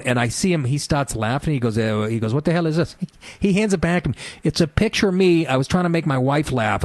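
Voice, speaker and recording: A middle-aged man tells loose, profane stories on a talk radio show and keeps breaking into laughter. His voice sits at an ordinary male pitch. The sound is close and dry, with no room echo. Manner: rambling, profane, laughing through his anecdotes. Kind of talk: casual storytelling on talk radio.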